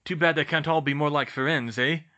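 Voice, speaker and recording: A friendly teenage wizard boy, as a man puts him on, easygoing and warm in manner. The tone is bright throughout this storybook reading. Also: a little high, steady tone, brisk, dull audio, voice pushed up.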